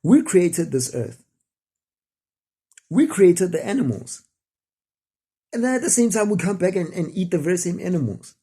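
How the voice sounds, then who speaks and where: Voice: medium pitch, animated, moderate pace, long pauses, dark tone, breathy edge. A spiritual speaker, preaching casually to camera in a rambling, repetitive way full of rhetorical questions. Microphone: camera facing the speaker.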